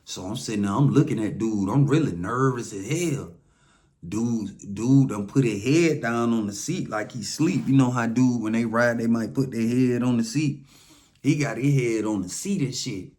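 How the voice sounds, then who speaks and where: A man with an Atlanta Southern accent telling a first-hand story casually, profane and loose, acting out quotes with lively voices. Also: medium pitch, moderate pace. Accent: Southern American, Atlanta.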